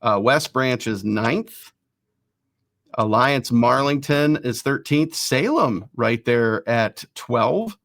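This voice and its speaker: A man hosting a casual sports talk show, rattling off rankings quickly with self-deprecating asides. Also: medium pitch, lively intonation, creaky, fairly bright tone, no room sound. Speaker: host.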